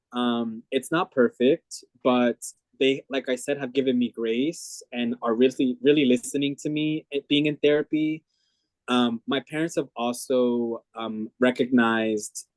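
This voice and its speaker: A man of ordinary pitch speaks as the interview guest, reflecting candidly with many ums and restarts. His voice sounds close and dry. He talks openly and at length. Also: dry recording.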